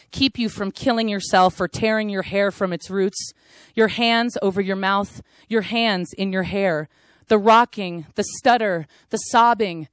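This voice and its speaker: A woman performing her own spoken word poem, telling it in a hushed, intense way that swells at times. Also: mid-range voice, clean tone, dry recording. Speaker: poet. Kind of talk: spoken word poetry reading.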